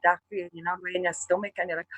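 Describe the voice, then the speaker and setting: A man with an Irish accent, co-hosting a show and telling a long story, animated and full of swearing. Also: high voice, fast, no room sound, rough recording. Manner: profane, animated storyteller acting out quarrels. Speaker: show co-host. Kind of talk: casual storytelling chat.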